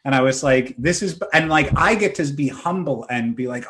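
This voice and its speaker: A man's voice: medium pitch, moderate pace. A man in his thirties, a podcast host, telling self-mocking stories in a casual chat. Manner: animated, self-mocking storyteller.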